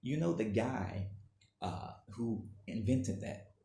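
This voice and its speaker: A man's voice: lowish voice, expressive, takes it slowly, vocal fry, dark tone, echoey room. A man delivering an indignant, emphatic opinion monologue that keeps repeating its points. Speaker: commentator.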